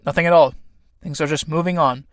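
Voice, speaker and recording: A man reading the part of an old, gentle male workman in an audiobook of a play, in a quiet, plain-spoken way. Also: on the high side, steady tone, fairly quick, dry recording, studio quality, lightly acted. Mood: calm.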